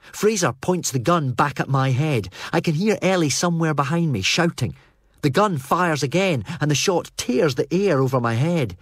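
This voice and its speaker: A man narrating a first-person novel as an audiobook, in a steady, even storytelling manner. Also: on the high side, husky, dry recording, clean studio sound.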